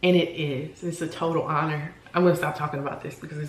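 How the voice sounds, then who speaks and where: A woman in her forties with a somewhat low voice speaks earnestly and from the heart, pausing now and then to find her words. Her candid vlog talk rings in an echoey room. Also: steady tone, slight background noise. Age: 40s. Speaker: vlogger.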